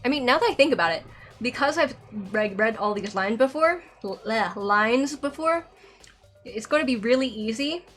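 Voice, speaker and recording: A woman's voice: on the high side, lively intonation, fairly quick, a bit bright, faint music behind. A young woman streamer with a Southern accent and a slight lisp, rambling through a game playthrough with lots of filler likes. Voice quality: slight lisp from a dental aligner. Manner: rambling, self-conscious, many filler likes. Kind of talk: live-streamed game playthrough, reading dialogue aloud.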